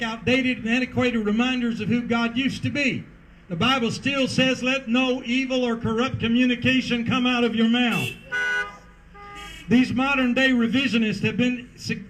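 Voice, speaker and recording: A man's voice: extremely high pitch, fairly bright tone, a little hiss or hum, rough recording. A man preaching a sermon as pastor at an outdoor parking lot service, emphatic and rhythmic with repeated refrains.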